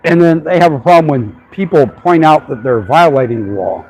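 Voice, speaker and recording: A man with a slightly higher voice speaks into a handheld phone on a city sidewalk, ranting in an irritated, profane way. His talk is casual and aimed at a livestream audience. Faint street ambience sits under the voice. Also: expressive, normal speed, darkish tone, a little hiss or hum, rough recording. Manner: irritated, ranting, swears freely.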